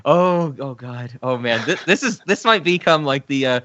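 Bright, laughing male podcast host. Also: fairly high pitch, lively intonation, normal speed, no echo, lo-fi sound. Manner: laughing, joking, rambling. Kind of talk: casual chat.

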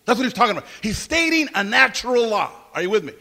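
A man preaching a sermon as pastor, emphatic and animated, mixing in humor and asides. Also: high voice, fast talker, vocal fry, few pauses.

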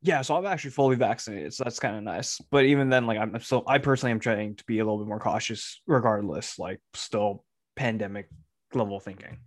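A man's voice: on the low side, quick pace. A young man co-hosts a podcast in an easygoing way. He often hesitates and repeats himself as he talks. The sound is dry and close, with no room echo. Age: young adult. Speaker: podcast co-host. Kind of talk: casual chat.

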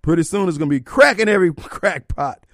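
A man's voice: fairly high pitch, animated, a little fast, no room sound, clean studio sound. Fiery talk radio host, man. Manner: preachy, fiery, rhetorical questions. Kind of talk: opinionated talk radio monologue. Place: radio studio. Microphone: studio microphone.

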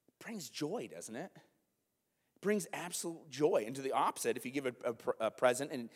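A man preaching a sermon to his congregation, animated, with conversational asides. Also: mid-range voice, in a large hall. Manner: animated, talks to the congregation with asides and quick acted-out quotes. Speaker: pastor.

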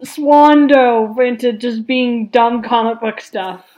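A woman's voice: on the high side, takes it slowly, darkish tone. A woman co-hosting a podcast in casual chat, giggling and chiming in with short remarks. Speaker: podcast co-host.

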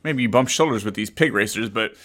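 A man in casual chat, an animated storyteller who gets excited and swears casually. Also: on the low side, quick pace.

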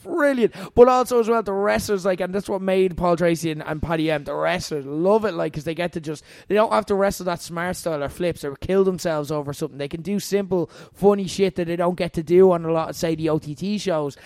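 A man's voice: sits high, quick pace, hardly any pauses, a little mellow, no room sound, clean studio sound. A young Irish man hosting a casual wrestling podcast, enthusiastic and laughing along. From Ireland. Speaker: podcast host. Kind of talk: casual chat.

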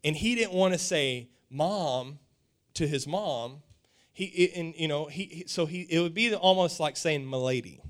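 A man's voice: a little high, moderate pace, a bit bright. A man in his forties preaching a sermon, telling stories with animation and often repeating words.

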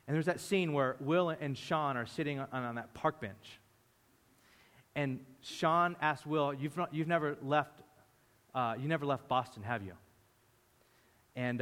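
A man preaching a sermon as a pastor, telling the story with lively energy and playing the disciples' voices. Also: medium pitch. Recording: long hall reverb.

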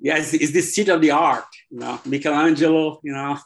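A man's voice: fairly high pitch, steady tone, a little fast, gravelly. A man from Brazil with a Brazilian Portuguese accent, a guest chatting in a friendly, hesitant way and often repeating words while he searches for them, heard over a video call. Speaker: guest animator. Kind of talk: casual interview chat.

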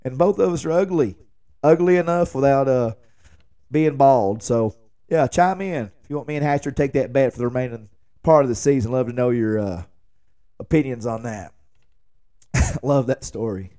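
A man in his forties tells a long story on his own podcast. He rambles casually and jokes his way through it. His voice sits at an everyday middle pitch. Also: normal speed, pauses often. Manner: rambling, joking, animated when quoting himself. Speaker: podcast host. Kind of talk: casual late-night storytelling monologue.

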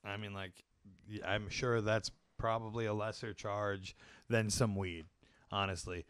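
A man's voice: lowish voice, steady tone, measured pace, a bit bright, clear, resonant tone, no echo. A young man co-hosting a podcast, chatting casually and crudely, joking and swearing freely. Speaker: podcast co-host. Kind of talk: casual chat reacting to videos.

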